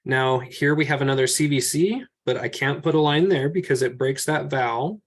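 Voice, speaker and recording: A man's voice: mid-range voice, normal speed. A man leads a class through slides in an ordinary, mid-range voice. He works through each example step by step and talks his reasoning through aloud. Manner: patient step-by-step explaining, thinking aloud. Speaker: teacher. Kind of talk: classroom teaching over slides.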